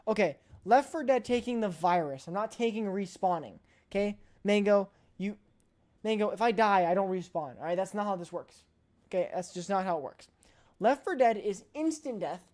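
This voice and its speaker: A woman's voice: mid-range voice, animated, moderate pace, a little mellow. A woman streamer chatting casually on a live stream, emphatic and playfully blunt, often repeating her points.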